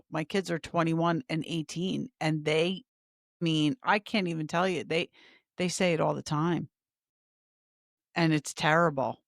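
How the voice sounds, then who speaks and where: A woman's voice: low-pitched, no echo, clean studio sound. Blunt New Jersey woman in her forties. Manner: blunt, quick agreeing interjections. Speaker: podcast co-host. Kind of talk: casual chat.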